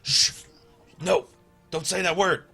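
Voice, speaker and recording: A man voicing a jumpy, secretive male guard who hushes people and snaps at them. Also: high-pitched, fairly even intonation, slow, soft background music, pitched above the performer's own voice, full character voice. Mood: panicky. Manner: hushed and panicky, then gruff and snappish.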